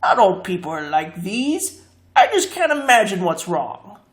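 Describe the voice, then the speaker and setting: A woman's voice: mid-range voice, wildly swooping pitch, unhurried, reverberant. The Woozy, put on by a woman. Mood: plucky. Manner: plain-spoken, easily irritated. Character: Woozy, plucky, hot-tempered male creature.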